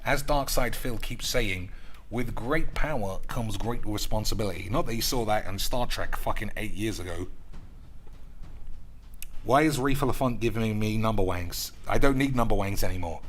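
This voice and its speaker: A man's voice: on the low side, normal speed, slight background noise. A man live-streaming a card game, bantering sarcastically with his chat and swearing freely. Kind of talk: casual live-stream chat while gaming.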